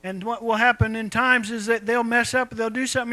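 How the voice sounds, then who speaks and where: High, bright-voiced preacher man. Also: steady tone, brisk, few pauses, no echo, rough recording. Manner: folksy, conversational preaching with rhetorical questions. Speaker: pastor. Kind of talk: sermon.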